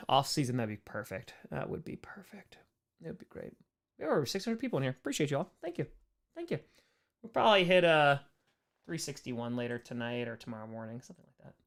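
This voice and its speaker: Lively, playful man chatting on stream. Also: medium pitch. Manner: playful, jokey, reads chat aloud and laughs often. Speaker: comedian streamer answering chat. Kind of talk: casual live-stream Q&A.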